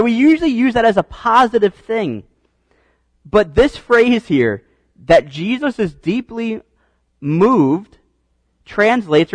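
High-voiced man preaching casually. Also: dry recording, low-quality recording. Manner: conversational teaching with frequent "right?" asides; repeats words when restarting. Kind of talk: sermon.

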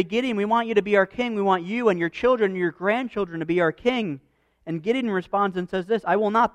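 A man preaching an expository sermon, reading scripture verses aloud and explaining them in an earnest, emphatic manner, slowing down for quoted lines. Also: high-pitched, no room sound.

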